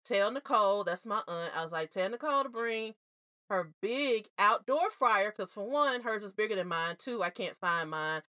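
A woman co-hosting a casual chat show, telling family stories in an animated, blunt way and laughing often. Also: mid-range voice, moderate pace, no echo, clean studio sound. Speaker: podcast co-host.

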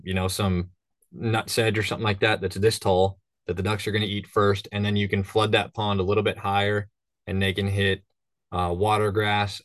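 Man, hunting guide, from northern Minnesota, rambling casual storyteller, lowish voice, dry sound. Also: fairly bright tone, dry recording. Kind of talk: casual podcast chat.

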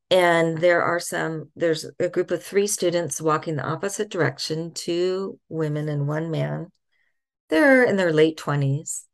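As a podcast guest, a middle-aged woman shares a personal faith story. Her voice is on the low side and soft-spoken, with thoughtful pauses.

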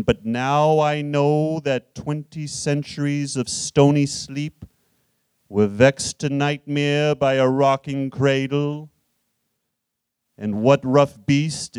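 A man's voice: mid-range voice, darkish tone, clean tone, dry recording, lightly acted. A man playing a jovial, boastful old Irish poet with an Irish accent, on a live comedy stage, swinging between cheeky bragging and ponderous recitation. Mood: ponderous, solemn. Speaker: guest. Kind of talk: live comedic character performance.

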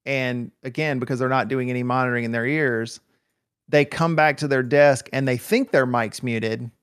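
A man's voice: mid-range voice, fairly even intonation, normal speed, clean tone. A man co-hosting a casual chat, rambling and emphatic, full of "like" and restarts. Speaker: podcast co-host.

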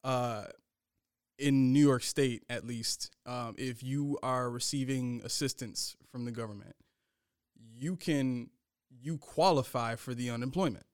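A man's voice: mid-range voice, smooth, no echo, clean studio sound. A man co-hosting a faith talk show, speaking casually with frequent restarts. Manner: halting, many restarts, conversational. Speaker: co-host. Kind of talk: casual discussion.

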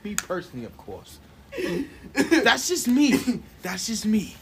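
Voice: medium pitch, wildly swooping pitch, unhurried, gravelly, slight background noise. A co-host in a casual podcast chat who teases the others bluntly and swears freely. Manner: blunt, teasing, cursing.

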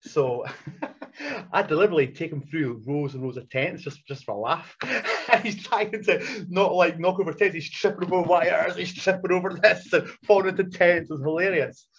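A man in his thirties, a professional wrestler, telling anecdotes in a casual interview, animated and blunt with frequent laughter. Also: fairly high pitch, normal speed. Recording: dull lo-fi recording.

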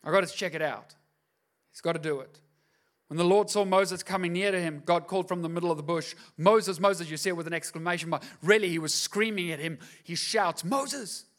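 A man's voice: a little high, steady tone, fast talker, a bit bright. A male pastor preaching a sermon, telling the story casually with slangy, acted-out asides to his congregation.

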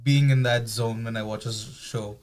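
A man's voice: medium pitch, fairly even intonation, moderate pace, darkish tone. A man who helps produce the podcast, talking with eager enthusiasm in a casual chat.

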